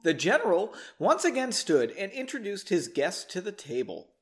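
A man's voice: sits high, very animated, moderate pace. A man casually reading his own story aloud, breaking off often for self-mocking, joking asides and a bit tipsy from drinking. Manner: self-mocking, chatty asides, laughs between passages. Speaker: reader of his own book.

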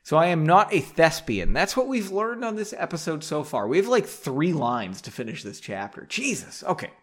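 A man's voice: a little high, very animated, normal speed. A man hosting a casual podcast, reading his own book aloud with joking, self-deprecating tangents and frequent swearing, in a home basement.

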